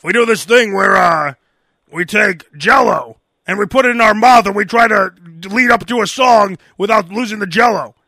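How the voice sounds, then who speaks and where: A man's voice: high-pitched, normal speed, creaky, bright, forceful tone, dry recording, clean studio sound. A man co-hosting a casual comedy podcast, telling a story with stammering restarts. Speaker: podcast co-host.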